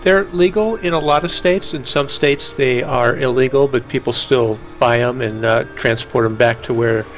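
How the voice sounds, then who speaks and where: A man guesting on a gaming livestream, talking in a relaxed, hesitant way with many fillers. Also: medium pitch, moderate pace, few pauses, soft background music. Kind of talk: casual voice chat.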